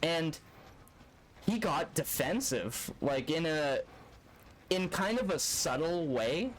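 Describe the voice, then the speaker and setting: A man's voice: fairly high pitch, sing-song, slow, a little hiss or hum. A young man streaming a speedrun, telling a long story in a rambling, profane, laid-back way. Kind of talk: casual storytelling while gaming live.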